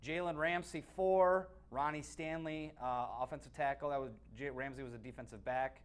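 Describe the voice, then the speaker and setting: A man with a somewhat high, clear, resonant voice co-hosts a sports webcast as an analyst, offering blunt football opinions. His intonation is fairly even and his pace moderate, though his casual talk keeps restarting.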